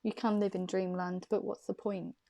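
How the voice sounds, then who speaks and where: Woman, tarot reader, relaxed warm tone, chatty, soothing, repeats herself for emphasis. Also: mid-range voice, moderate pace. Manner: soothing, reassuring encouragement. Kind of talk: intuitive tarot reading to camera.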